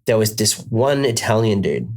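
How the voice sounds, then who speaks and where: A man's voice: lowish voice, sing-song, moderate pace. A man with an Australian accent telling a rambling comic story in a casual chat, full of restarts.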